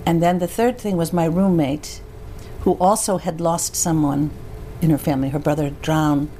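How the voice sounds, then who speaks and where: A woman guest telling personal stories in a relaxed interview, animated and acting out the voices of the people she quotes. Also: low voice, moderate pace. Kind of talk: conversational storytelling. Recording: faint background noise.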